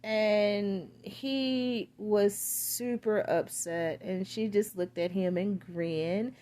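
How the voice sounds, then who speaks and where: A woman's voice: mid-range voice, steady tone, drawn-out words, dark tone. A woman casually recapping a film's plot, rambling with crude slang and lots of filler words. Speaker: film reviewer.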